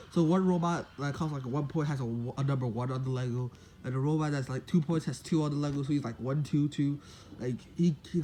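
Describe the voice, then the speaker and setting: A man's voice: medium pitch, mellow, slight background noise, low-quality recording. A man casually retelling a made-up story, rambling with lots of fillers and self-corrections.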